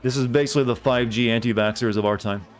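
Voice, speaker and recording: A man's voice: mid-range voice, steady tone, fast talker. A man streaming a video game, joking and rambling in casual commentary.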